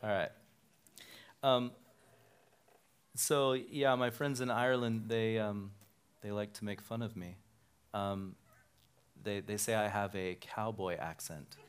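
A man's voice: fairly low pitch, steady tone, slow, pauses often, clean tone. A male pastor from Nevada with a tired voice, telling casual, self-deprecating stories in a sermon at a church on a handheld microphone. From Nevada, USA.

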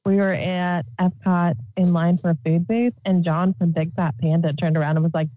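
A woman's voice: lowish voice, flat delivery, moderate pace, no room sound, phone-quality sound. A woman telling an anecdote in casual panel chat, giggling and acting out quotes.

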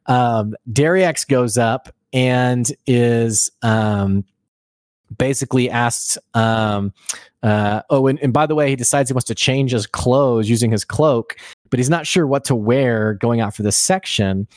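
A man recaps an episode in a loose, chatty way, tumbling through the story with plenty of ums and little laughs. His voice sits at an ordinary middle pitch. The sound is dry and close, with no room around it. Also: measured pace, no room sound. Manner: animated storytelling with fillers and laughs. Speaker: podcast co-host. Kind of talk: casual recap chat.

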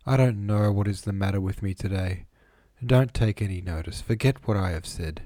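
A man voicing a gentle, sorrowful young noblewoman in an audiobook, reading her lines in a raised, pleading tone. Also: on the low side, moderate pace, no room sound, close to an everyday voice. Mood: tearful.

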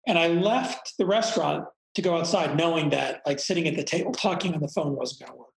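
A man's voice: on the high side, a little fast, gravelly. A middle-aged man frankly and reflectively telling a personal story in conversation, swearing casually now and then. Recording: roomy echo.

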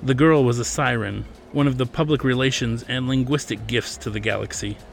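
A man, the author, narrating his science fiction novel as a scripted reading in a steady storytelling manner. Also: medium pitch, a little fast, creaky, faint music behind. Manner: steady storytelling, plays character lines lightly.

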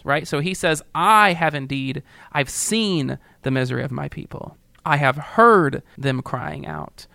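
A man's voice: on the high side, vocal fry, bright, forceful tone, no echo. A male pastor talking earnestly and emotionally in a podcast discussion, building up to a preaching tone at times.

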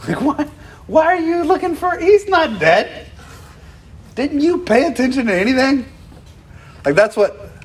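A man preaching a sermon, animated and acting out the voices of the people he quotes. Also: on the high side. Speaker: pastor.

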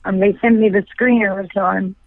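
A woman's voice: medium pitch, fairly even intonation, normal speed. Chatty woman on a tinny phone line. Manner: rambling, chatty, full of fillers. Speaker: actor guest. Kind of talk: casual interview chat.

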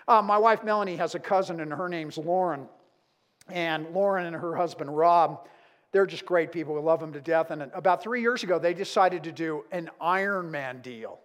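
High-voiced male pastor preaching. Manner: dramatic, storytelling, shifting between emphatic and hushed. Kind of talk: sermon.

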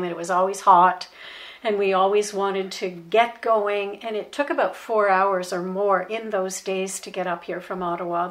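An older Canadian woman shares childhood memories in an unhurried storytelling way. She laughs lightly now and then as she recalls the past, her voice at an even middle pitch. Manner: warm nostalgic recollection, laughs often. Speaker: interview guest. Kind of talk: reminiscing storytelling.

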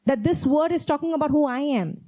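A woman's voice: high voice, expressive, brisk, dark tone, low-quality recording. A woman preaching a sermon, reading Bible verses aloud and repeating key phrases with earnest emphasis. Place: church.

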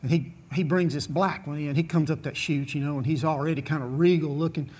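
A man's voice: on the high side, steady tone, brisk, a little mellow, slightly rough. A man, a former bull rider telling a long folksy story to an audience, drawling and chuckling as he goes. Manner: drawling, chuckling, repetitive restarts.

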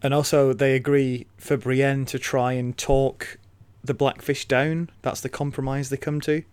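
A man talks casually through a podcast chat, stopping often with ums and starting his sentences over. His voice sits at an ordinary pitch, recorded dry and close to the mic with no room sound. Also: level tone, a little slow, a little mellow, clean tone, dry recording. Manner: hesitant, many fillers and restarts. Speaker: podcast co-host.

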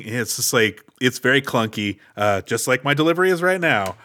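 A man's voice: mid-range voice, animated, a little fast, few pauses, pushed and bright. A man co-hosting a podcast, chatting casually about an action movie with rambling restarts. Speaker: podcast co-host. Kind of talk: casual movie recap chat.

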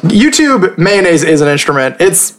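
Male podcast host, slightly higher voice, loose and rambling, quick to laugh. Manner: rambling, animated, laughs often. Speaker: podcast host and dungeon master. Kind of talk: casual podcast chat.

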